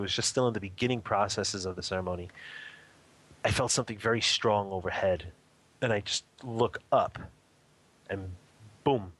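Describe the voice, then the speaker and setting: A man with a lowish voice recounts a personal experience as a guest on a radio interview. He speaks earnestly and vividly, circling back to rephrase his descriptions as he goes. He is a spiritual teacher talking about his practice. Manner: earnest, vivid storytelling, repeating and rephrasing as he describes what he saw.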